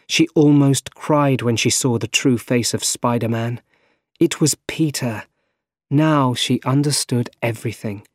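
Male narrator, plain storybook read, mid-pitched, dry close sound. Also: darkish tone, dry recording.

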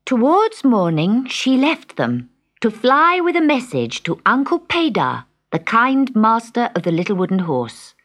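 Slow, expressive woman storyteller. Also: on the high side. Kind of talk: storybook narration. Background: music.

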